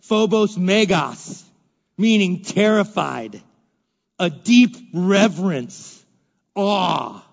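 A male pastor preaching a sermon, emphatic and repetitive, swinging between loud and hushed delivery. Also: sits high, lively intonation, drawn-out words, gravelly. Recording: dull lo-fi recording in a reverberant hall.

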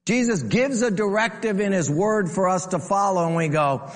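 A man preaching a sermon, animated, swinging between near-shouts and low asides, and acting out the people he quotes. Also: normal speed, few pauses. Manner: acts out the quoted speakers in heightened voices. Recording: long hall reverb.

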